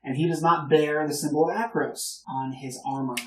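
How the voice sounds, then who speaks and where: A man running a tabletop game as game master, narrating in a relaxed, hesitant way. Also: a little high, normal speed, slight background noise. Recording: roomy, distant mic.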